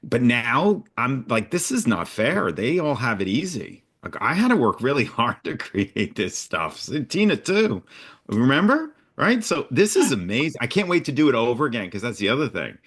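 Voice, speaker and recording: Enthusiastic man with a lively voice. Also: mid-range voice, normal speed, breathy edge. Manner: enthusiastic, grateful. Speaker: participant in coaching session. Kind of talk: casual chat.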